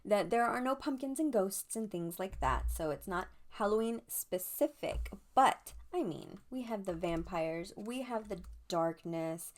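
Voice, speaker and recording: A woman hosting a casual show-and-tell vlog, chatty and gushing with excitement. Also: medium pitch, a little slow, hardly any pauses. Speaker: tarot channel host.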